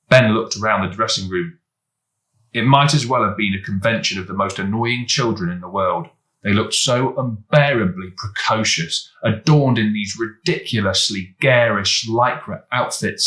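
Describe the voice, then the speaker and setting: A man, a teacher, reading a children's book aloud in a lively, expressive way. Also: on the low side, unhurried, reverberant, rough recording. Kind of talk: storybook read-aloud.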